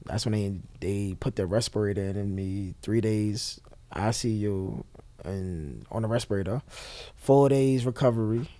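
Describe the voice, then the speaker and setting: A man's voice: fairly low pitch, unhurried, no room sound. A man, a guest telling an emotional story and acting out the voices of others. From Brooklyn, New York. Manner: animated, acts out the voices of others as he retells.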